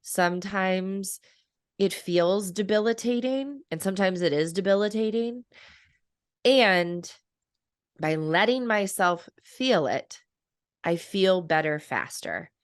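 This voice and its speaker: A woman's voice: medium pitch, lively intonation, slow pace, clear, resonant tone, no echo, studio quality. A woman in her thirties, a coach and author, talking reflectively in a podcast interview and laughing often.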